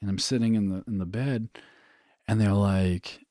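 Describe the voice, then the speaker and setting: A young man from New Hampshire, a guest telling a candid personal story in a casual, profane way, halting with fillers. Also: lowish voice, steady tone, mellow, no room sound, clean studio sound.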